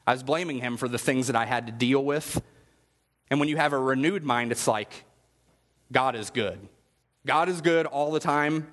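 A man of middle pitch preaches in an easy, conversational way and often asks the congregation questions. His voice carries a long reverb from a large hall. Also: fairly bright tone. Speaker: pastor. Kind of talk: sermon.

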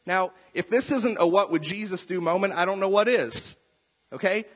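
A man's voice: high voice, moderate pace, slightly rough. A man preaching a sermon in a conversational way, peppering his points with rhetorical questions and tag questions. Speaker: pastor. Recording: long reverb of a large hall.

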